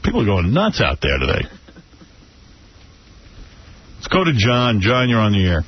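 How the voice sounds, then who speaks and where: A man's voice: on the low side, huge pitch swings, moderate pace, husky. A middle-aged man hosting a radio show in casual banter, blunt and teasing. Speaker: radio host. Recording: dull lo-fi radio sound.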